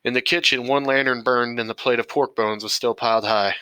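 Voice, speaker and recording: A man narrating an audiobook in a steady, measured reading voice. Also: mid-range voice, clear, resonant tone, no room sound, low-quality recording. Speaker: audiobook reader.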